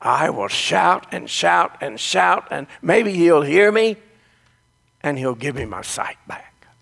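A desperate blind beggar , put on by a preacher, raises his voice again and again, pleading to be heard. The delivery is slow and gravelly, and it rings through a long, echoey hall. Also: on the high side, lively intonation, heavily acted. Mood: pleading shouts. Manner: loud, insistent crying out.

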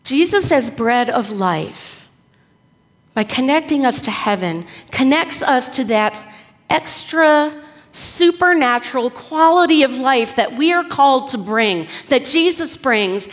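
A woman preacher telling a story in a conversational, animated sermon. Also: high voice, measured pace. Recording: echoey hall reverb.

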